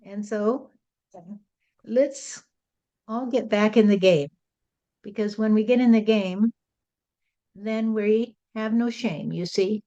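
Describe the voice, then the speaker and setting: Woman channeling Jesus as a plain-talking, folksy male spirit: mellow voice, muffled lo-fi sound. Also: medium pitch, takes it slowly, pauses often, close to an everyday voice. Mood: earnest. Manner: folksy, rambling, repeats "you see". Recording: dull lo-fi recording.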